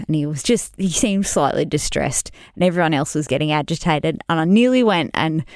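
A woman co-hosting a casual podcast, telling an animated, self-deprecating story. She laughs easily, and her voice sits slightly low. The sound is dry and close. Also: brisk, hardly any pauses, no echo. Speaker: podcast co-host.

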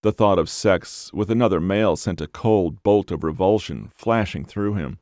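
A man narrating a dark novel as an audiobook, in a measured, unhurried way. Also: low-pitched, dry recording, clean studio sound.

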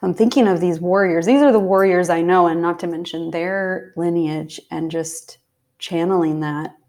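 A woman from Pennsylvania, a podcast guest, telling a personal story in a heartfelt way, sometimes dropping to a soft whisper. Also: lowish voice, steady tone, normal speed. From Pennsylvania, USA. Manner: heartfelt, drops to soft whispers when recalling intense moments. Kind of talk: casual storytelling.

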